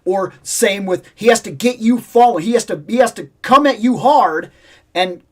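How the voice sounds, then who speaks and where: Middle-aged male host, animated storyteller, pitch swings wide, casual nostalgic chat. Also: normal speed. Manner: animated storyteller, swings between loud exclamations and low asides.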